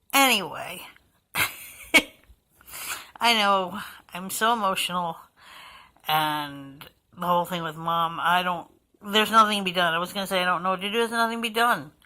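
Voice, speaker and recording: A woman's voice: on the low side, a little slow, long pauses, pushed and bright, poor audio. A woman talking in an emotional, heartfelt personal vlog, rambling and sighing now and then. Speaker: vlogger.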